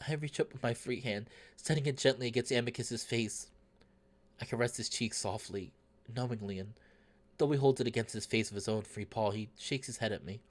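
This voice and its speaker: A man's voice: medium pitch, a little fast. Man narrating a visual novel. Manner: steady first-person narration. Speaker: let's play narrator. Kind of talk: reading a visual novel aloud.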